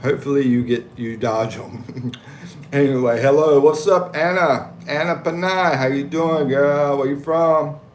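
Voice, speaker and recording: Streaming casually from home in the Philippines, this US-born host reads out viewer comments with playful voices, chuckling often as he replies in an easygoing way. His voice runs on the high side and a little slow, with a slight hiss or hum on the recording.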